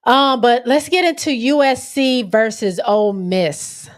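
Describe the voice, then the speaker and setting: A woman's voice: on the high side, unhurried. A young woman hosting a casual sports livestream, chatting loosely and reading viewer comments aloud as she goes. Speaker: livestream host.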